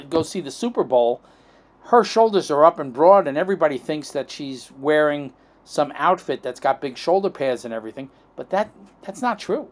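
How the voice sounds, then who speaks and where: A middle-aged man from the United States telling long, rambling stories as a podcast guest, acting out quoted dialogue and checking in with "okay?" and "right?". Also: fairly high pitch. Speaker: chiropractic guest. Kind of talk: rambling anecdotal storytelling.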